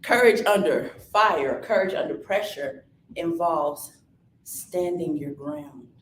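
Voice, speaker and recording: A lower-voiced woman gives a live inspirational talk on stage, urging the crowd to answer back. She sounds energetic and coaxing. Her voice carries through an echoey room, with a faint hum underneath. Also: takes it slowly. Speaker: motivational speaker. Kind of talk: live inspirational talk with audience call-and-response. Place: event hall with audience.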